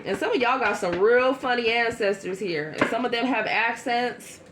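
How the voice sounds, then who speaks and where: A woman giving a casual tarot reading to her viewers, chatty and blunt, with quick asides. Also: on the high side, heavy background noise. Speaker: tarot reader.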